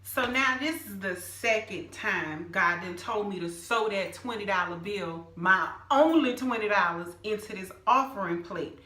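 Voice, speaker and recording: A middle-aged woman, telling a personal church testimony in an emphatic, animated way and calling her viewers "y'all". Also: mid-range voice, measured pace, hardly any pauses, roomy sound. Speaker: vlogger sharing a personal testimony. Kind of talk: casual storytelling testimony.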